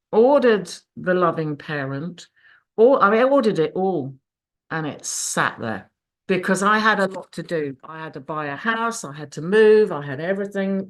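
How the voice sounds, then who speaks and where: A woman's voice: fairly low pitch, animated, moderate pace. A woman giving a raw, emotional personal testimony over a video call, swearing freely. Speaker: speaker sharing her recovery story. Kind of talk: personal testimony at a support meeting.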